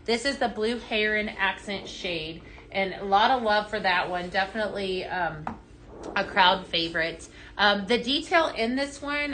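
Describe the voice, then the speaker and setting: With a medium-pitched, fairly bright voice, a woman talks a little slowly while hosting a casual live-stream demo for home fragrance, a little hiss or hum audible underneath. She reads out viewer comments and chats with them, enthusiastic and peppered with "um"s, fillers, and restarts.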